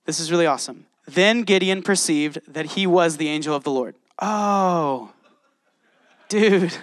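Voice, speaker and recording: Man, casual animated sermon, slightly high pitch, dry recording. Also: a little fast, no room sound. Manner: animated, chatty, exclaims often. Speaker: preacher. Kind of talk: sermon with Bible reading.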